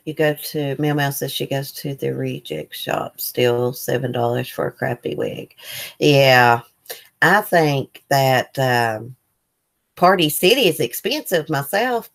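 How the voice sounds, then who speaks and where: Low-voiced chatty woman. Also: unhurried, gravelly. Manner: chatty, reads viewer comments aloud; loose, rambling with fillers. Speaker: livestream host. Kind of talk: casual live chat.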